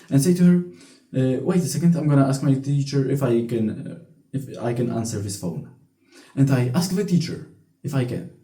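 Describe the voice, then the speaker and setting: Young man, blunt profane rant, very dark voice, echoey room. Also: medium pitch. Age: young adult. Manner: blunt, profane, frequent restarts. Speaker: vlogger. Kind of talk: casual storytelling rant.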